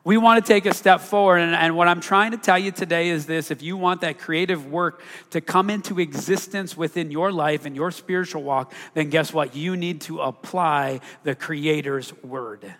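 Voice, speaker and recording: A man's voice: on the high side, steady tone, moderate pace, few pauses, bright, forceful tone, long reverb tail. A man preaching a sermon to a congregation, talking through scripture in a conversational way and asking the listeners rhetorical questions. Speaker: pastor.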